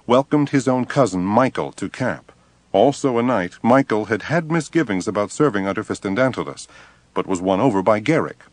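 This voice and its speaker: A man narrating an audiobook in an expressive storytelling manner. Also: on the low side, no room sound. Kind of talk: scripted narration.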